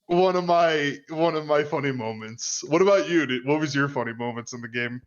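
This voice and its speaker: A slightly high-voiced man swearing and joking through a casual gaming podcast story, chuckling as he goes. His voice comes through a somewhat dull, lo-fi microphone. He talks loosely, with plenty of fillers. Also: a little fast. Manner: profane, joking, laughing storyteller. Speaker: podcast co-host.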